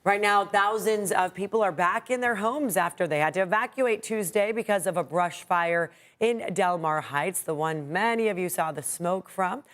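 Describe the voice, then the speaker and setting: A female news anchor with an American accent, reading morning stories in a brisk, upbeat way. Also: fairly low pitch, fairly bright tone. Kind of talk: news reading and light chat.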